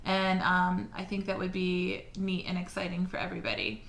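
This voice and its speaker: A woman teacher reads a picture book aloud and then talks to her class with clear, encouraging warmth, pausing here and there with fillers. Her voice is bright and forceful, and it carries a roomy echo. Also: fairly low pitch, monotone. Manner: clear, encouraging, slightly halting when speaking freely. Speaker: elementary school teacher. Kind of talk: reading a storybook aloud and giving assignments.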